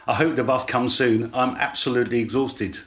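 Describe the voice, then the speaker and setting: Male narrator doing a shy young woman, soft, light touch. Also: mid-range voice, fairly even intonation, a little fast, natural voice. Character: young woman with slight American accent.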